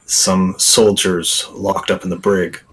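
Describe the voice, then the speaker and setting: A man's voice: sits low, little pitch movement, slow pace, slightly rough, heavily acted. A man voicing a stern, cold male warrior in a tabletop game, with blunt, short lines. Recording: distant mic.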